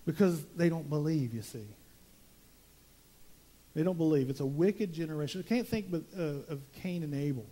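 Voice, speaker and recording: A man's voice: fairly high pitch, moderate pace, pauses often, mellow. A man preaching a verse-by-verse sermon as pastor, emphatic and prone to repeating words as he builds his point.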